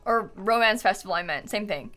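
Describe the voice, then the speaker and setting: A woman's voice: mid-range voice, fairly quick, sharp tone, soft background music. A young woman streaming a life-sim game from home, chatting with viewers, giggling often and thanking them for subs. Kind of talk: live game stream chat. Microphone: headset.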